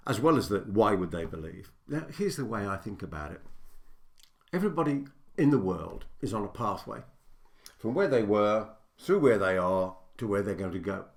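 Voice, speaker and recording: Older guy coaching straight to camera, lots of ups and downs in pitch, hammers points home in lists. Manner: emphatic, builds points in repeated lists. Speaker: business coach. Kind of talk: direct-to-camera teaching talk.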